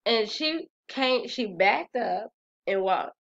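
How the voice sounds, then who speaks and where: Slow-talking chatty woman. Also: fairly high pitch, expressive, creaky, dull audio. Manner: chatty, sassy, laughs and sighs often. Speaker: vlogger. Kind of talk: casual wellness talk.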